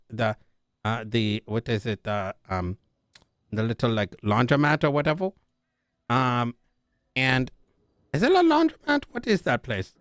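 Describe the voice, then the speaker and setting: A man's voice: medium pitch, fairly bright tone, no echo, studio quality. A young man in character, telling a rambling story about being taken hostage, full of "like" and "dude" and acting out the other voices. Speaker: roleplay streamer in character.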